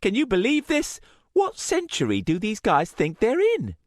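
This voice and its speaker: A man voicing Shireen, a brash, angry teenage girl apprentice mage who shouts and orders people about in an audiobook. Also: high-pitched, huge pitch swings, normal speed, no echo, studio quality, pitched above the performer's own voice. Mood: furious. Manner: shouting, scornful and bossy.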